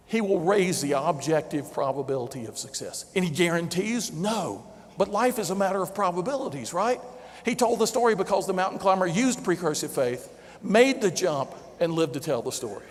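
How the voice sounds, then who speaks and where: A man with a Southern accent giving an animated keynote speech to a large audience, chuckling as he tells his stories. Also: sits high, brisk. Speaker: motivational keynote speaker. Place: large convention center hall before a big audience. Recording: long reverb of a big convention hall.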